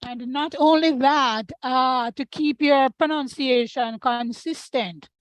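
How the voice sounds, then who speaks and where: A woman's voice: sits high, slow pace, no echo, rough recording. A woman with a Jamaican accent giving firm, emphatic advice on pronunciation.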